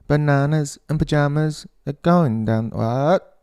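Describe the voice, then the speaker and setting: Expressive and on the high side, this New Zealand-accented voice has a darkish yet clean tone. Running his solo podcast casually, he wanders off on profane tangents and is quick to laugh at himself.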